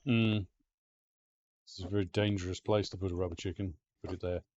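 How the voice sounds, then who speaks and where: A man giving let's-play gameplay commentary as a streamer, excitable, swearing and talking to the game's pets. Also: deep voice, fairly quick, dull audio, slight background noise.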